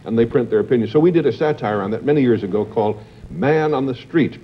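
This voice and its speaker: A man's voice: mid-range voice, fast, a little hiss or hum. Chatty talk show host, older man. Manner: genial, chatty interviewer. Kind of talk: casual talk-show chat. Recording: dull 1980s TV studio audio.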